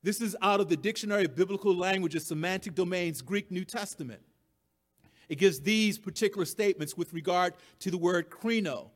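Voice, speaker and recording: Delivering his sermon fairly quickly, a man with a rather high voice stresses his message, circles back to key phrases, and laughs a little at his own remarks.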